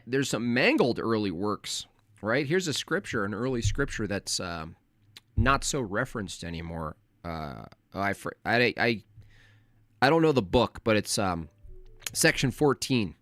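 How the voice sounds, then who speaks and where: A man hosting a live stream, ranting in a mocking, crude and animated way. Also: mid-range voice, no echo, clean studio sound. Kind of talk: casual live stream rant.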